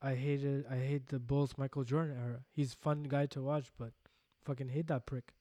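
A man's voice: mid-range voice, level tone, normal speed, mellow, dry recording. A man co-hosting a casual podcast, talking bluntly and swearing freely while teasing his partner. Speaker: podcast co-host. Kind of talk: casual chat.

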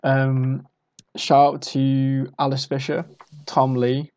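A man's voice: medium pitch, monotone, slow pace, darkish tone. A young British man casually telling a rambling, self-mocking party story. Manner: rambling, self-mocking, acts out drunk quotes.

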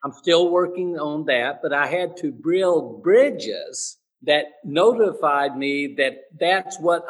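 A man being interviewed, earnest and motivational, halting and searching for words with restarts. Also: on the high side, far from the mic, low-quality recording. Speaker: interview guest, speaker and teacher. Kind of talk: sit-down interview.

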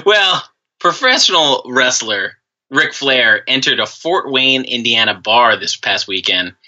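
A man's voice: medium pitch, big pitch swings, takes it slowly, sharp tone, muffled recording. A man co-hosting a comedic podcast, ranting emphatically and swearing freely. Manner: profane, emphatic rants. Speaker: podcast co-host. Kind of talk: casual comedic podcast banter.

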